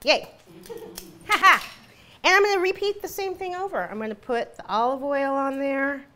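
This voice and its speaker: A woman's voice: high voice, a little fast, a bit bright, slight background noise. A woman hosting a live cooking demonstration, chatty and giggly. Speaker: cooking show host.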